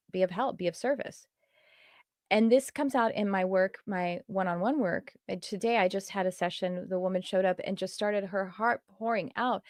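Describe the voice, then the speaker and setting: A woman's voice: mid-range voice, darkish tone, dry recording. Earnest woman spiritual teacher, dry sound. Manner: earnest, reflective, loosely rambling. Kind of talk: teaching talk to students.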